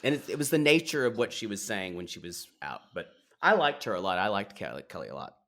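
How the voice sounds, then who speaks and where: A man co-hosting a podcast in casual chat about a reality show, opinionated, with quick quips. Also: sing-song, a bit bright. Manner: opinionated, quick quips, squeaky impressions of people. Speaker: podcast co-host.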